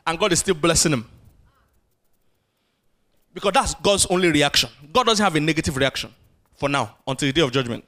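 Bright, high-voiced man preaching. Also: a little fast, pauses often. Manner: animated preaching with call-and-response. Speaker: pastor. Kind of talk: sermon.

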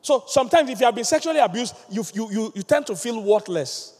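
High-voiced preacher in a hall. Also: male voice, fast. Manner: animated, acts out voices, laughs with the congregation. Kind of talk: sermon.

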